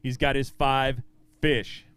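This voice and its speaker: A man emceeing a fishing tournament weigh-in outdoors, booming out weights and angler names in an upbeat, lively way over a handheld microphone. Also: slow pace, smooth, no echo. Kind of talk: live weigh-in announcing.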